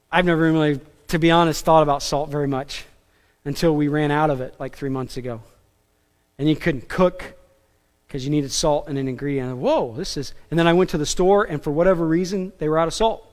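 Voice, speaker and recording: A man preaching a sermon as pastor, animated and emphatic, with casual asides and self-deprecating jokes. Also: on the high side, long reverb tail. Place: church sanctuary.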